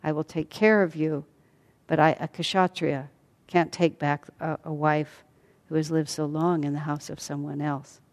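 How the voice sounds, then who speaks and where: A woman voicing a reserved male warrior-king who speaks in formal, measured declarations. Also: low-pitched, flat delivery, darkish tone. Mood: stern. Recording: long hall reverb.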